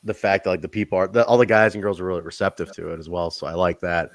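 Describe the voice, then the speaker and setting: A young man hosting a podcast, telling backstage stories in an animated, laughing, profanity-filled way. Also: sits low, rapid-fire, no echo. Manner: animated, swearing, laughing storyteller. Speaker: podcast host. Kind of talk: casual chat.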